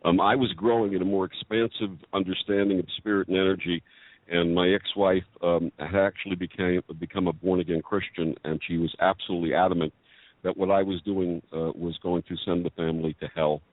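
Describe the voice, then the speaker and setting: A man co-hosting a radio talk show, telling a personal story in a measured, thoughtful way. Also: sits low, fairly even intonation, no room sound. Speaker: co-host. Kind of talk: casual radio chat. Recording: dry, tinny phone-like line.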